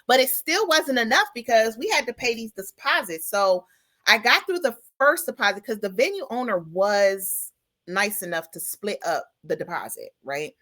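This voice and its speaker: A woman in her forties, a podcast host, chatting casually and telling a story in an animated way, with features, calling out to her listeners as "y'all" and "girl". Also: a little high, moderate pace. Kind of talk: casual chat.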